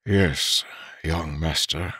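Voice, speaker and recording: A man voicing a quiet, loyal male servant who speaks softly, slowly and with measured solemnity. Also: extremely low pitch, fairly even intonation, husky, no echo, studio quality, exaggerated voice. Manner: soft, slow and measured.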